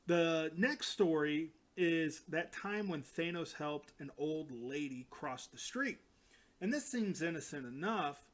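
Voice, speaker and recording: A man casually recapping comic book stories alone, rambling and animated, slipping into quick character voices for quoted lines. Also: a little high.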